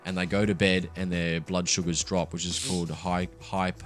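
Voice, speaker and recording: A man's voice: low voice, level tone, normal speed, faint music behind. A young man talking candidly and casually as a podcast co-host, swearing freely and laughing as he tells his story. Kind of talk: casual chat.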